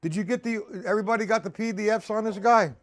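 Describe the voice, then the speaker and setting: Fast and fairly bright, this man's voice sits high as he teaches drums on a live stream. He goes step by step and talks to viewers by name, blunt and informal, dropping the occasional curse.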